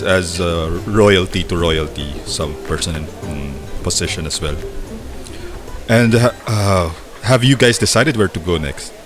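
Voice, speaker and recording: A man narrating as game master of a tabletop game, relaxed and hesitant, with many fillers. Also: sits low.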